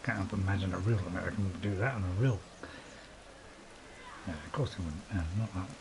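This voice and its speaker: Speaking fairly quickly in a low voice, a British man hosts a gameplay video, bantering and joking at his own expense with lots of laughter. The background is noisy, with a dog barking nearby.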